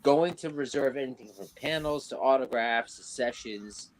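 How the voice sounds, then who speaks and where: A man's voice: medium pitch, normal speed, slight background noise, low-quality recording. A man hosting a casual livestream chat, joking and stretching out words for emphasis. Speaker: host.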